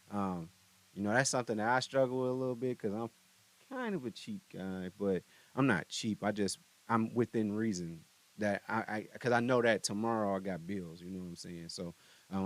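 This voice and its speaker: A young man hosting a podcast in a studio, telling a story in a laid-back, rambling, slangy way with lots of asides. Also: medium pitch. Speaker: podcast host. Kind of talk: casual commentary.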